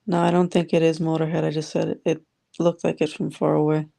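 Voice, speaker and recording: A woman's voice: low-pitched, little pitch movement, fast talker, creaky, dark tone. A woman hosting a casual live audio chat, greeting listeners by name and reading their comments aloud. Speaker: live audio room host.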